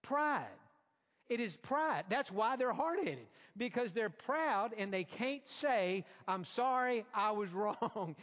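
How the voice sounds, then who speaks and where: A man preaching a sermon, emphatic, rising to loud peaks when he quotes proud speech. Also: high voice, in a large hall.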